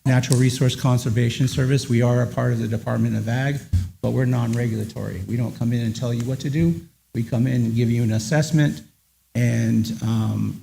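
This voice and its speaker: Gravelly, halting agency man. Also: medium pitch, dark tone, a little hiss or hum, poor audio. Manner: halting, with many fillers. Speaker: conservation agency representative. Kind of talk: public meeting remarks.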